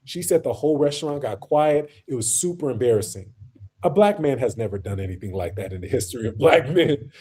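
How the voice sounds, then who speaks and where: A man's voice: mid-range voice, animated, brisk, warm tone, breathy edge. Blunt slangy male stream host. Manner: blunt, slangy storytelling with acted quotes. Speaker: livestream host. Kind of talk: casual streamed debate talk.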